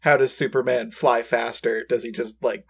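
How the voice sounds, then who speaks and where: A man's voice: mid-range voice, level tone, normal speed, creaky, fairly bright tone, slightly rough. A man co-hosting a casual book discussion, rambling and playful, with lots of filler words. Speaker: podcast co-host.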